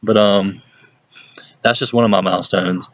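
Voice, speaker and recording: Young man, youth pastor, lively storytelling, low voice, dry close sound. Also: moderate pace, no echo. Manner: animated storytelling, laughs often, puts on voices for people he quotes. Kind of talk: casual talk to a youth group.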